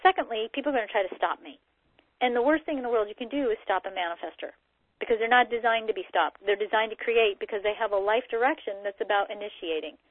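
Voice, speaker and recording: A middle-aged woman giving a casual talk that explains a personality system, acting out quoted dialogue in lively voices. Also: medium pitch, fast, dry recording. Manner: animated, acts out quoted dialogue. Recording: tinny phone-like recording, dry.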